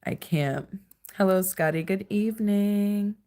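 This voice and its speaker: A woman's voice: medium pitch, slow, mellow, clean tone. A young woman hosting a casual livestream from home at night, chatting with viewers and scolding her dog. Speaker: livestream host.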